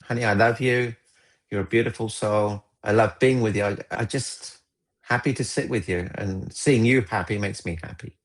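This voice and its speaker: Man doing an affectionate, reassuring husband in role-play, low-pitched. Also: steady tone, normal speed, natural voice, rough recording. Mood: tender. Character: adult husband, doting and gentle.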